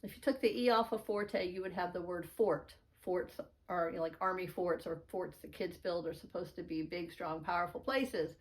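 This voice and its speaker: A middle-aged woman gives a beginner piano lesson in a slightly low voice. She explains each symbol patiently and encouragingly, and counts the beats aloud in a sing-song way. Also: normal speed, hardly any pauses. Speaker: piano teacher.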